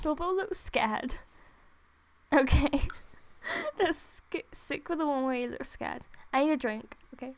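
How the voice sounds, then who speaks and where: A young woman giving casual, excitable commentary while playing a game late at night. She is tired but gushing and giggly, and often squeals. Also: sits high, gravelly. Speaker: gaming video creator. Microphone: desktop USB microphone.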